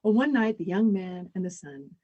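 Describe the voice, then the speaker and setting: Husky-voiced woman telling a story. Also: mid-range voice, expressive, lo-fi sound. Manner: measured, with dramatic pauses. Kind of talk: live storytelling performance.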